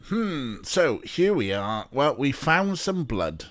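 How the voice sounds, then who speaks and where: A man's voice: medium pitch, big pitch swings, slow, dry recording. A man streaming an adventure game, rambling and joking with chat, sometimes swearing while teasing a pet. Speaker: let's play streamer. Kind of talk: casual gameplay commentary.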